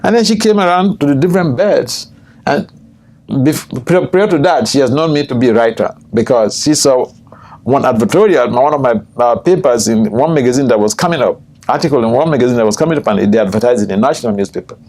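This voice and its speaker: An older man, a swami, teaching a scripture class, telling stories with frequent chuckles and jumping high in pitch when quoting people. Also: fast, a little mellow. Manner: storytelling, chuckles often, jumps high in pitch for quoted speech. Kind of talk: scripture class with personal anecdotes. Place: temple room.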